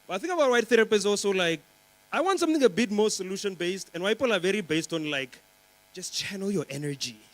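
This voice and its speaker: A young man working a stand-up set on a conference stage, his voice sitting a little high for a man. He rambles along with plenty of "um" and "you know," teasing the audience between jokes. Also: expressive, fast, rough recording. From Namibia. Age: young adult. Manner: chatty, rambling, teasing the crowd with lots of fillers. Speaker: stand-up comedian.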